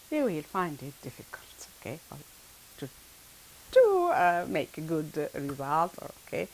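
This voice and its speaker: A woman's voice: low-pitched, huge pitch swings, a little slow, darkish tone, poor audio. A woman teaching an English grammar lesson to her pupils. She stresses key words, repeats them, and checks in often with "all right" and "okay.".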